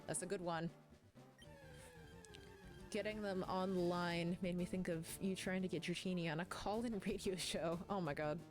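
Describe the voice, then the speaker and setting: A woman streaming a game at home, chatting casually and rambling, often laughing while she reads chat aloud. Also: on the low side. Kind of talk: casual let's-play chat, reading chat aloud.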